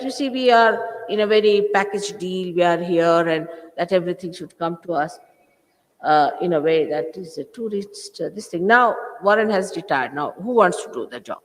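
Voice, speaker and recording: A woman, a spiritual teacher scolding her followers with emphatic rhetorical questions. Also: mid-range voice. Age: 60s. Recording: echoey hall, old 1980s recording.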